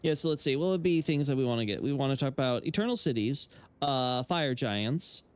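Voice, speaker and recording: A man's voice: medium pitch, expressive, fairly quick, clear, resonant tone. A man chatting casually about game lore while he plays on a stream, rambling with many fillers and restarts and giving blunt opinions. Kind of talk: casual live-stream chat while playing.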